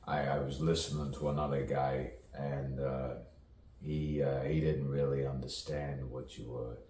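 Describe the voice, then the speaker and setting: A man's voice: a bass voice, dark tone, recorded from a distance, a little hiss or hum. A man, a poet and playwright, rambling through a spoken-word monologue, musing and drifting between put-on voices and whispers. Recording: echoey room, voice off-mic, faint ambience.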